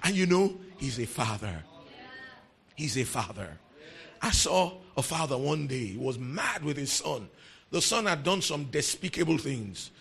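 Gravelly, lively preacher man. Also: mid-range voice, a little slow. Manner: emphatic, repeats key phrases, swings from quiet to shouting. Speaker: pastor. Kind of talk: sermon.

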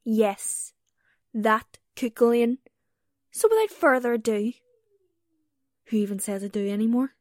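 A woman's voice: a little high, measured pace, pauses often, a little mellow. A woman podcast host performing a comedy sketch as a tour guide, theatrical and mock-indignant.

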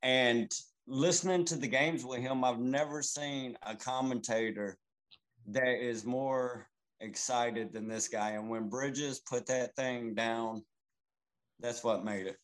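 A man's voice: mid-range voice, steady tone, slow pace, poor audio. Laid-back man talking sports. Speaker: podcast co-host. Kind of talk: casual sports chat.

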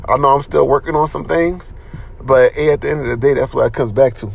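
Earnest, gravelly-voiced man preaching casually. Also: mid-range voice, quick pace. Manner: earnest and conversational, with slang and repetition. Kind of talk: informal sermon.

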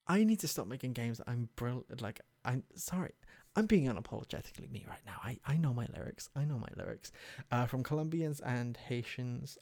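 A man's voice: medium pitch, darkish tone, dry recording. A young man chatting casually and self-mockingly, reciting song lyrics half-spoken as he guesses them. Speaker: video host. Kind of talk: casual chat.

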